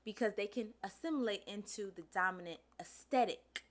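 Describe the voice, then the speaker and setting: A woman's voice: medium pitch, fairly quick. A woman hosting a commentary show, talking in a blunt, sassy and profane way. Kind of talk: casual social commentary.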